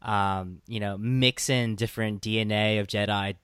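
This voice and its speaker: A man co-hosting a casual podcast chat, animated fan banter with free swearing. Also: fairly low pitch, normal speed, clean tone, no room sound, clean studio sound. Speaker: podcast co-host.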